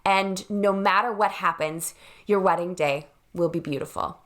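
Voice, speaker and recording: A woman's voice: on the low side, moderate pace. A woman in her thirties, a wedding planner, talking earnestly and reassuringly to camera from her home. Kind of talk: direct-to-camera vlog.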